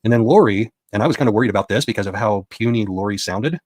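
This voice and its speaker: A man's voice: on the low side, animated, quick pace, a little mellow, no echo. A man giving a casual spoken recap of a court session as a reporter, retelling what was said with quoted dialogue.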